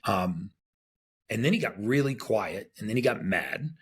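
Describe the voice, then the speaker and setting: A man's voice: lowish voice, animated, a little slow, breathy edge. A man being interviewed as a podcast guest, telling a story casually and acting out the quotes with animation.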